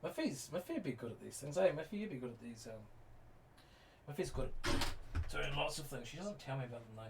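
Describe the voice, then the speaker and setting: A man's voice: mid-range voice, big pitch swings, moderate pace, creaky. A middle-aged man with a New Zealand accent, hosting a casual livestream and chatting to viewers in a rambling, teasing way full of fillers. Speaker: livestream host. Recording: distant mic with faint noise.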